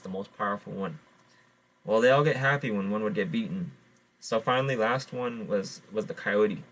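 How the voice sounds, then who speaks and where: A man with a low voice retells a traditional animal story. He halts often, fills gaps with "uh," and repeats his words as he goes. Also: fairly bright tone. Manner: halting, repeats words, fillers. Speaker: podcast host. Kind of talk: oral storytelling.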